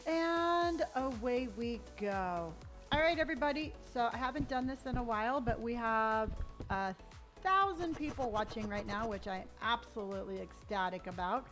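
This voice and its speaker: A woman's voice: on the high side, brisk, a bit bright, faint music behind. A woman from Southern California streaming a game live, chatting upbeat and reading out viewers' comments.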